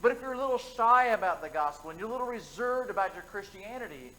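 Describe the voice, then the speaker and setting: High-pitched man preaching conversationally. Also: animated, quick pace, pushed and bright, low-quality recording. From United States. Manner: conversational storytelling, folksy asides. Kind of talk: evening sermon. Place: church sanctuary.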